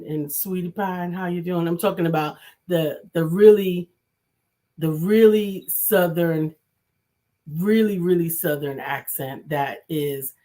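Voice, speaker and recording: A woman from New City, co-hosting a casual talk show and thinking aloud as she speaks. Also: lowish voice. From New York City. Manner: reflective, thinks aloud with restarts. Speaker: co-host, coach.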